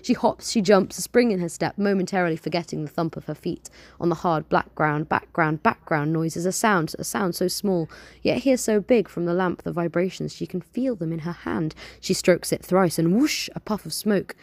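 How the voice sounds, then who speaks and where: Speaking at a normal pace with no echo, this young woman has a voice on the low side. She hosts her show, drifting through casual chat and readings of her own poems, playful, rambling and filler-heavy.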